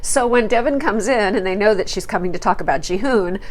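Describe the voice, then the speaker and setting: A woman's voice: medium pitch, a little fast. Woman doing a chatty reality tv recap, opinionated, lots of um and okay. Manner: chatty and opinionated, with fillers and quoted asides. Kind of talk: casual commentary.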